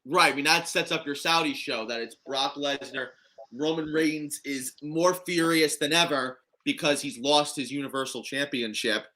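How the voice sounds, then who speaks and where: A man co-hosting a casual livestream chat, excitable and quick to laugh, with loud bursts. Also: on the high side. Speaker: co-host.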